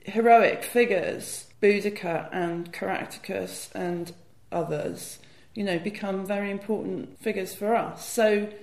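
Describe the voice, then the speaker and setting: A woman's voice: medium pitch, measured pace, creaky, hardly any pauses, darkish tone, reverberant. A woman talking as a guest historian, explaining fluently and enthusiastically with frequent "you know" fillers. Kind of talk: conversational academic explanation.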